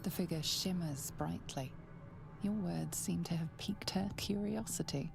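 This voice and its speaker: A solemn game narrator speaks in a hushed whisper, very low and heavily gravelly. Clear game music sits behind her. Her delivery stays slow and measured.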